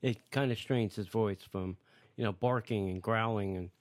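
A man's voice: on the low side, moderate pace, no echo. Brief: male host, casual and encouraging, dry close recording. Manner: encouraging, short reactions and questions. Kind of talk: casual interview chat.

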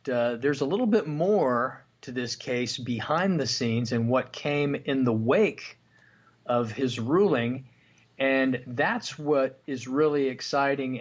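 Man hosting a podcast, lo-fi sound. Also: medium pitch. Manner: reads legal documents aloud and poses questions. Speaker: podcast host. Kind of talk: explanatory podcast talk. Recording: dull lo-fi podcast audio.

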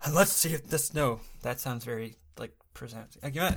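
A man's voice: mid-range voice, fairly quick, gravelly, background noise. A man co-hosting a podcast in casual chat, playful and giggly, often trailing off. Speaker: podcast co-host.

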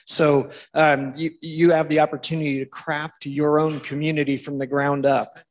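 Man, flat monotone delivery, earnest, panel interview, senior care staff. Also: on the high side, normal speed. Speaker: staff member at a senior living campus.

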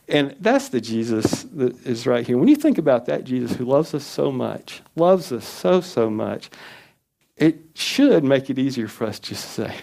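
A man's voice: lively intonation, moderate pace, gravelly, mellow. A man preaching a sermon in an earnest, conversational way, acting out quoted prayers. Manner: earnest, acts out quoted prayers with rising pitch. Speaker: pastor.

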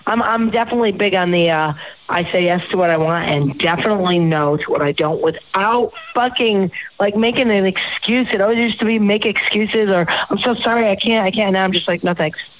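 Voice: medium pitch, fairly quick, fairly bright tone, muffled recording. A host rambling through profane personal stories in a casual chat.

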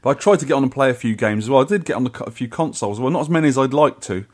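A man co-hosting a casual podcast talks quickly, tumbling through his stories with frequent restarts. His voice sits at an ordinary middle pitch. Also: expressive, darkish tone. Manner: chatty, rambling with restarts. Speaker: podcast co-host. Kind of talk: casual chat.

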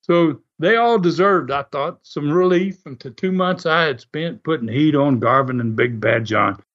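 A man with a somewhat high voice tells stories in a loose, animated way, chuckling often as he goes. The audio is muffled and lo-fi. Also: moderate pace. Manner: animated, laughs often, acts out quoted voices. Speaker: guest recounting wrestling TV history. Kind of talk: casual storytelling.

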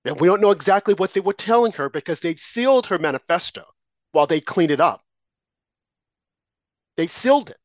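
A man's voice: high-pitched, lively intonation, fast, no echo, lo-fi sound. A man co-hosting a political talk show, delivering impassioned, preachy commentary full of rhetorical questions and warnings.

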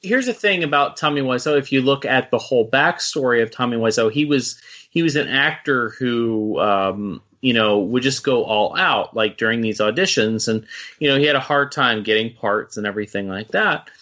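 A man's voice: mid-range voice, normal speed, sharp tone, highs cut off. A man co-hosting a film podcast, chatting casually and rambling with lots of swearing. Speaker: podcast co-host.

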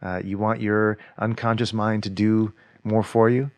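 A man's voice: on the low side, flat delivery, measured pace, no room sound. A man co-hosting a podcast, thinking aloud in a reflective, casual way. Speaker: podcast co-host. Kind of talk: casual conversation.

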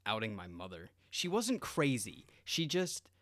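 A man's voice: mid-range voice, huge pitch swings, measured pace, a bit bright, no room sound, studio quality. A man co-hosting a casual TV recap chat, joking in an offhand way and trailing off mid-thought. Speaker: podcast co-host.

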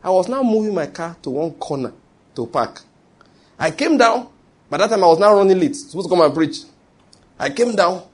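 A middle-aged man with a Nigerian accent, preaching a sermon and telling lively stories with acted quotes. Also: high voice, normal speed, long pauses, slightly rough. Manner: animated storytelling preaching with acted quotes and pidgin asides. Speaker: pastor.

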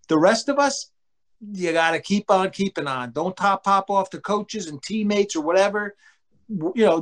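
High-voiced middle-aged man telling stories. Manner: rambling, animated storyteller who acts out quotes. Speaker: former pro baseball pitcher and father. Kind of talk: casual chat.

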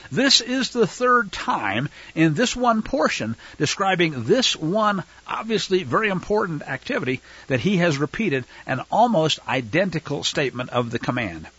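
Man teaching scripture, bright husky voice, goes from chatty asides to fired up. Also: fairly high pitch, dry recording, highs cut off. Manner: fervent, rises to loud denunciation; conversational asides to listeners. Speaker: fellowship teacher.

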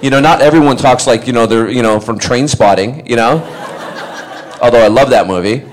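A middle-aged man born in Scotland telling a convention anecdote, animated and acting out the other people's voices, laughing often. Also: medium pitch, fairly quick. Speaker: actor telling convention stories. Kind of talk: casual convention panel anecdote.

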